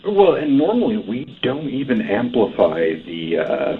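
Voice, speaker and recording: A man calling in as a paranormal investigator, explaining things in a measured way during a casual on-air conversation. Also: mid-range voice, wildly swooping pitch. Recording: tinny phone line with faint hiss.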